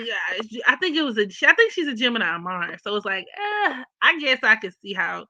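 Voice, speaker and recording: A woman's voice: mid-range voice, pushed and bright, lo-fi sound. A woman vlogger talking about astrology in a blunt, opinionated, slangy casual chat.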